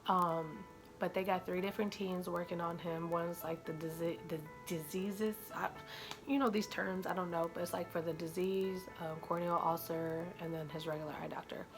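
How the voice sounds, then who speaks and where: A young woman with a slightly low voice talks straight to her viewers, halting and fighting back tears. Her speech is full of ums and likes, broken off and restarted. Faint music plays quietly under her voice. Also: fairly even intonation. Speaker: mother vlogger. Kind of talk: emotional personal vlog to viewers.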